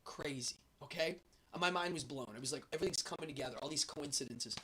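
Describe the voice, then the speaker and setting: A man hosting a show, telling a travel story in a lively, animated way and acting out the voices of the people in it. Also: a little high, fast talker, background noise. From United States. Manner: lively storyteller, acts out the guards' and his own lines. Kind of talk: animated anecdote.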